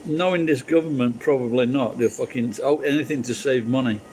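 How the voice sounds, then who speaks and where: A man's voice: medium pitch, fairly quick, a little mellow, slight background noise, poor audio. British male streamer, casual and profane, rambling chat. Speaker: livestream host chatting with viewers.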